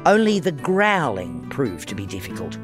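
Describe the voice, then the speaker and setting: A man, a children's book author, reading his storybook aloud in a lively, expressive way. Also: medium pitch, normal speed, over music.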